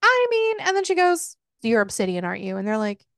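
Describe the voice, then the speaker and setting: Animated woman recapping a book. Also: mid-range voice, fast, creaky, clean tone, no echo, studio quality. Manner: animated retelling with profanity and laughs. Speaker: podcast co-host. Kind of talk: casual book recap chat.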